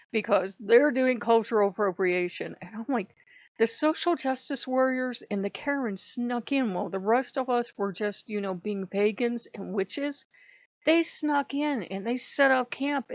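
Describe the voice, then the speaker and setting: A woman hosting her own channel, ranting in an exasperated, profane, animated way. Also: fairly high pitch, no room sound. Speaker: channel host. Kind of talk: casual ranting vlog. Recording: dull lo-fi dry sound.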